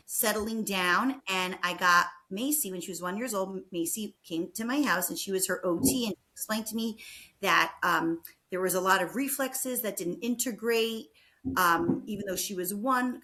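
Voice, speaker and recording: A woman co-hosting a casual podcast chat, telling a story in an animated way with lots of "like" and "um". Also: medium pitch. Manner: animated storytelling with frequent fillers. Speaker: podcast co-host.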